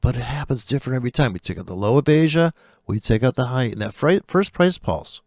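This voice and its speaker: A man's voice: medium pitch, expressive, fast talker, darkish tone, no echo, clean studio sound. A trader ranting over live charts, profane and sarcastic as he mocks other traders.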